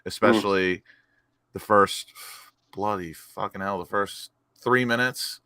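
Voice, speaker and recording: A man with a very low, smooth voice gives blunt, sweary match reactions. The sound is dry and close. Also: a little slow, bright, forceful tone, dry recording. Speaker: fan panel guest. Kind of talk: excited post-match fan chat.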